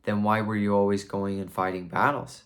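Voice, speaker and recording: A man's voice: lowish voice, level tone, normal speed, a bit bright, close to an everyday voice. A man voicing a wizard who asks probing questions. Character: riddling old male wizard.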